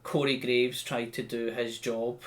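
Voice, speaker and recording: A Scottish-accented podcast host recaps a show in a loose, chatty, joking way, restarting his sentences often. His voice is mid-range and level in tone, and he talks a little slowly.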